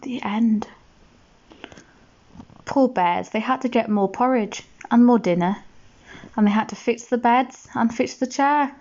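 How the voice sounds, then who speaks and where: A woman reads a bedtime story, gentle and expressive, speaking to the child listening. Her voice sits somewhat high. The recording is slightly muffled. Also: measured pace, pauses often.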